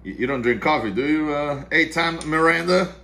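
A man's voice: on the high side, normal speed, sharp tone. A man hosting a casual vlog at home, rambling and cursing, muttering to himself as he works. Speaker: vlog host. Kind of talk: casual chat while making coffee. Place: home kitchen-dining room.

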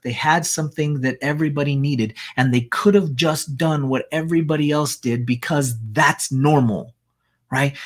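A man's voice: medium pitch, slightly rough. A man hosting a business show, talking casually with sarcastic asides and frequent "right?" checks while sharing his screen. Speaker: podcast host. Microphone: screen-share recording.

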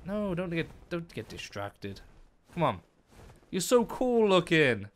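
A young man giving excitable let's-play commentary, talking to the animals and exclaiming often. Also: fairly high pitch, takes it slowly, slight background noise. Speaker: gaming YouTuber.

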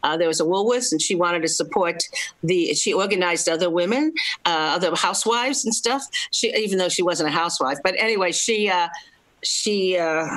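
An older woman, a film critic, talks freely in a relaxed interview. Her speech is chatty and full of quips and laughs. She is from Los Angeles. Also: lowish voice, low-quality recording. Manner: chatty, laughing, self-deprecating humor. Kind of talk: casual interview chat.

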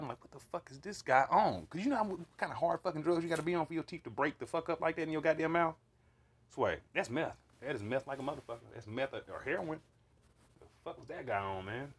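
A man's voice: a little high, fast, husky. Profane, rambling man telling a dream. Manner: profane, animated, rambling with fillers. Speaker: vlogger recounting a dream. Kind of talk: casual storytelling monologue.

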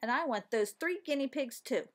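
A woman's voice: high voice, animated, normal speed, a bit bright, voice pushed up. A woman voicing a bossy, demanding young girl in a children's storybook.

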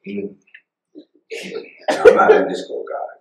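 A man preaching a sermon as pastor, telling personal stories in an animated way, often laughing at them. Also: a little slow. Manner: animated, laughs at his own stories, acts out voices. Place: church sanctuary. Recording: very echoey church room, mic far off.

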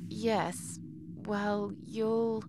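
A woman's voice: fairly even intonation, drawn-out words. An actress voicing a lonely, weary woman in her forties in a game, grudging and sardonic. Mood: reluctant. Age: 40s. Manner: grudging, sardonic, low-key. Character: lonely weary middle-aged woman, reluctant and dry. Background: game music.

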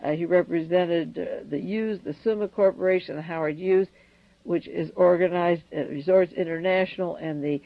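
A woman's voice: fairly low pitch, steady tone, normal speed, no room sound. Urgent woman on dull archival radio. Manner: urgent, breathless lists of names and events. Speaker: radio host. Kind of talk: solo radio commentary.

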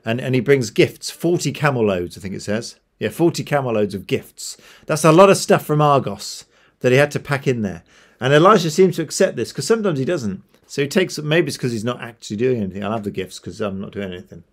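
A man's voice: medium pitch, lively intonation, brisk. A man retelling a Bible story to a church in a casual, chatty way, with jokey asides and self-corrections.

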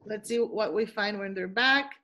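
A woman teacher trainer leading an online webinar over a video call, giving lively, encouraging instructions. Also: medium pitch, moderate pace.

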